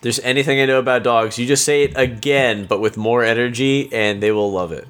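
A man playing a tabletop game, playful and quick to laugh in casual banter. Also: medium pitch, fairly bright tone, smooth. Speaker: player.

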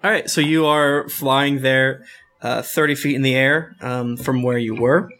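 A man narrating a tabletop game session as its game master, with a bright, forward tone. He talks in a playful, rambling way, stumbling and restarting as he describes the action. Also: medium pitch, steady tone, unhurried.

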